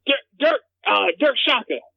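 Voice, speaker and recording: A man's voice: extremely high pitch, lively intonation, moderate pace, vocal fry, phone-quality sound, heavily acted. A man playing a rambling, dim-witted character who stumbles over his words and repeats himself, as a comedy bit.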